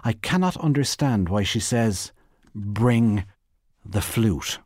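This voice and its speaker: A man's voice: on the low side, expressive, slow pace, a little mellow, dry recording, studio quality, voice pushed up. A man reading aloud voices a proud, talkative middle-aged wife in a raised, chattering, indignant voice. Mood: comfortable chatty.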